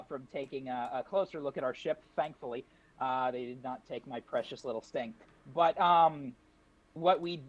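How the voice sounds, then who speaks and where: Guy player on discord, kinda high voice, talks a lot, recaps stuff. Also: a little hiss or hum. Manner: recaps at length, quick and talkative. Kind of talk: casual tabletop game chat.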